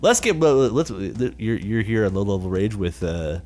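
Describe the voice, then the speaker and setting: A man's voice: lowish voice, moderate pace. An American man hosting a podcast, chatting casually, joking and stumbling over his words. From United States. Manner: stammering, joking, animated. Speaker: podcast host.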